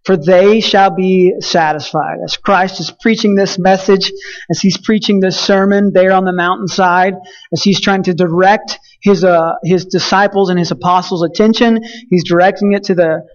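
High-voiced West Texas preacher, lo-fi. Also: male voice, fairly even intonation, moderate pace. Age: young adult. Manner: folksy storytelling with frequent fillers and restarts. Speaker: pastor. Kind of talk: sermon.

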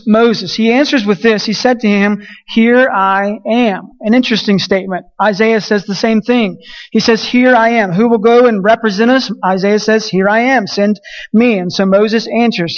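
High-voiced man preaching, muffled. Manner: earnest, repeats phrases, self-correcting. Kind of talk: sermon with scripture reading.

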